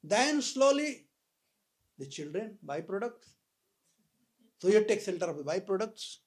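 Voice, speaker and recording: High-voiced man giving a sermon. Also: sing-song. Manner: storytelling with dramatic pauses, swells in loudness. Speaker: spiritual speaker. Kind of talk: sermon with anecdote. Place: live hall talk.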